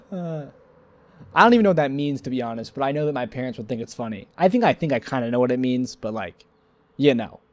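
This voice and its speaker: A man's voice: medium pitch, animated, fast, darkish tone, dry recording. Sleepy, rambling young man vlogging. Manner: rambling, goofy, self-mocking, wordplay. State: sleepy, yawning. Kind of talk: rambling solo vlog to camera.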